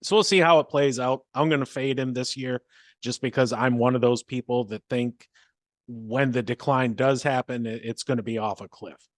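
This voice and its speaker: Mid-voiced guy breaking things down steady on a podcast, dry sound. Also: medium pitch, moderate pace, dry recording. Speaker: podcast co-host. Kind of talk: casual sports podcast chat.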